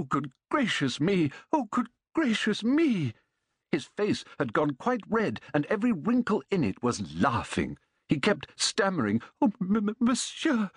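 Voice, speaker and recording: Brief: male storybook narrator, husky tone, lively melodic reading, dry close sound. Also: medium pitch, no echo. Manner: measured, expressive reading. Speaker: audiobook narrator.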